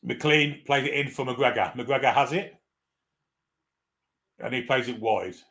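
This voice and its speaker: A man's voice: medium pitch, measured pace, gravelly, bright, forceful tone. A man giving live fan commentary on a football match, irreverent, swearing freely and reading out viewer comments.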